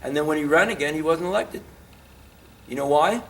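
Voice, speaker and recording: A man's voice: a little high, a little fast, fairly bright tone. Man lecturing on history, quizzing the room. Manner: quizzes the audience with questions, gets impassioned. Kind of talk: informal history lecture to a live audience.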